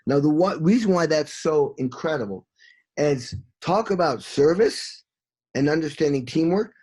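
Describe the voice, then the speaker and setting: A middle-aged man, a session drummer, telling animated stories in an interview, swearing freely and scatting drum beats. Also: fairly high pitch, normal speed.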